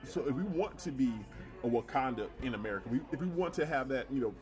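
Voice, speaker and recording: A man co-hosting a casual talk show makes his points earnestly and asks rhetorical questions along the way. His pitch sits in the middle, and music plays clearly behind him. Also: lively intonation, fast talker. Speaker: podcast co-host. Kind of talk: casual chat.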